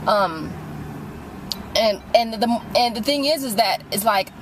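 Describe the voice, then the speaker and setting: A woman's voice: on the high side, measured pace, background noise. A woman vlogging a couponing storytime from her car, heated and profane, acting out both sides of the argument. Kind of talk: angry storytime rant to camera. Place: in a parked car.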